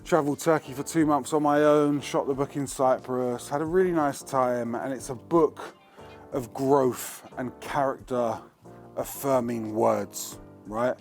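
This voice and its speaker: A man's voice: mid-range voice, steady tone, a little slow, a little mellow, soft background music. A man hosting a cooking show, talking in a slangy, chatty, joking way while he cooks in a kitchen. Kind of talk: casual cooking demonstration.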